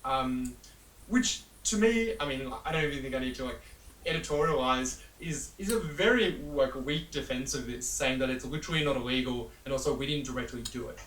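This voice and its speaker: A journalist being interviewed explains his reporting in a rambling, conversational way, full of fillers and little asides, and laughs at the absurdity of it. His mid-range voice is a bit bright and a little fast. The recording has a roomy echo, a distant mic and faint hiss.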